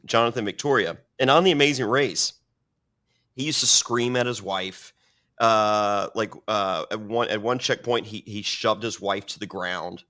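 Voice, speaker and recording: A man's voice: on the low side, pushed and bright. A man telling a story on a podcast, rambling and swearing, acting out other people's lines as he goes. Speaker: guest telling stories.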